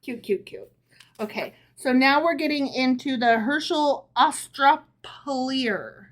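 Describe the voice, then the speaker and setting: A woman's voice: high-pitched, slow pace, a bit bright. A woman podcast co-host reading folk tales aloud to her partner, with casual amused asides.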